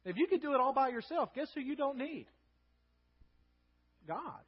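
A male pastor preaching with a high, conversational voice that keeps checking in with his listeners. The recording is dull and lo-fi, with a long echo from a large hall. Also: big pitch swings, normal speed. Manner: conversational, asking the crowd "right?". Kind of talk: sermon.

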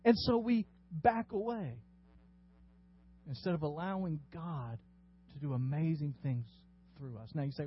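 Pastor preaching, high voice, earnest push, muffled lo-fi sound. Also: male voice, unhurried, pauses often, a little hiss or hum. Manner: earnest, exhorting, rising to emphatic bursts. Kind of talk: sermon.

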